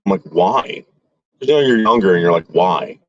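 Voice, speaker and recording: A man tells a long, rambling story in casual talk, stumbling over restarts and filler words as he goes. His voice sits fairly low. The recording sounds dull and lo-fi. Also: animated, moderate pace. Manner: acts out quoted relatives with voice shifts.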